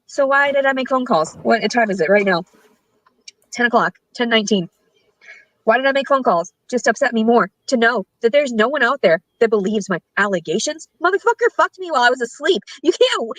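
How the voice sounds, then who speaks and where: A woman's voice: on the high side, a bit bright, no room sound, poor audio. A woman ranting angrily to her camera, swearing often and rambling from point to point. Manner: profane, agitated, rambling. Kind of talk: angry rant to camera.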